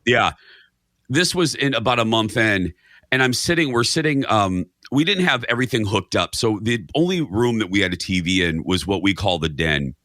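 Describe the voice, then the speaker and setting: Male talk-show guest, lively and bright, spins an anecdote and plays out his reactions on a dry studio mic. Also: fairly low pitch, normal speed, no echo. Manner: animated storyteller, acts out his own reactions. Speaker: guest, radio and TV host. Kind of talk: casual chat, storytelling.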